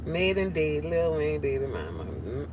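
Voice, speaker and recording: A woman's voice: deep voice, sing-song, normal speed, highs cut off, background noise. A nasal-voiced woman with a New Orleans accent chatting casually on a livestream, reading out viewer comments in a drawling way. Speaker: livestream host.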